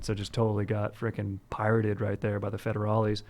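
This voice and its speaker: A man's voice: fairly low pitch, monotone, fairly quick, hardly any pauses, darkish tone. A young man spins a long, loose story as a podcast host. His delivery is casual and rambling. He leans on "dude" and "like" from one sentence to the next. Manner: rambling and laid-back, saying "dude" constantly.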